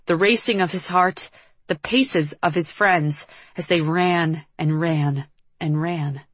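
A woman narrating a novel as an audiobook, in a steady storytelling manner. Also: fairly low pitch, dry recording. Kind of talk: scripted narration.

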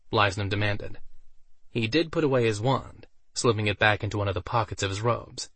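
A man's voice: on the low side, fairly quick, slightly rough, no echo. Man narrating a story, dry close sound. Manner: steady, even storytelling. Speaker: audiobook narrator. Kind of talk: scripted narration.

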